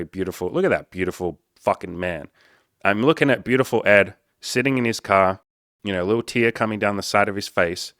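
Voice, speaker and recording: A man's voice: lowish voice, no echo, clean studio sound. A man, a dating and self-improvement coach, telling a candid story to camera in a casual, profane, self-mocking way. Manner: casual, profane, self-mocking, quotes people in lively voices.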